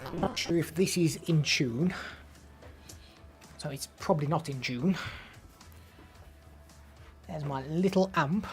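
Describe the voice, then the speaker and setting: A man's voice: on the high side, slow pace, long pauses, faint music behind. A young man with an English Midlands accent, chatting casually on a live stream, reading out viewer names and answering them. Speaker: live streamer demoing microphones.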